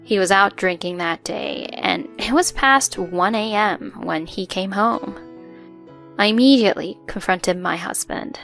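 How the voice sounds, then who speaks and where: A woman's voice: medium pitch, a little slow, gravelly, fairly bright tone. A woman narrating a first-person story in an earnest, emotional way, with faint music behind.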